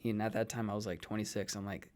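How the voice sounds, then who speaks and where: A man's voice: on the low side, level tone, fast, a little mellow. A young man from California, a real estate advisor, telling a story animatedly in a casual interview and acting out the quoted lines.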